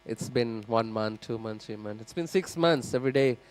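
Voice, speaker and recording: A mid-range male voice at ordinary speed carries a story through a scripture class held in a temple hall. He talks directly to the audience with animation, taking on the roles of the characters in this sermon storytelling.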